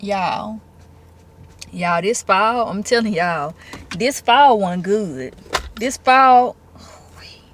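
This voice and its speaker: A woman. She keeps turning to her viewers with "y'all" and talks at an everyday mid pitch. Faint room noise sits behind her. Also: very slow, pauses often. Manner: chatty, expressive, addresses viewers as y'all. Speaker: vlogger. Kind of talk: casual vlog chat.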